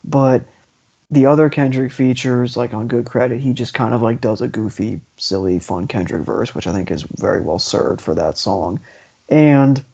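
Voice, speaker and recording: A man's voice: mid-range voice, normal speed, gravelly, mellow, breathy edge. A man hosting a podcast, talking through an album in a casual, rambling way with lots of restarts. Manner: rambling, restarts often, enthusiastic. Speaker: podcast host. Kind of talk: casual music discussion. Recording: dull lo-fi podcast audio.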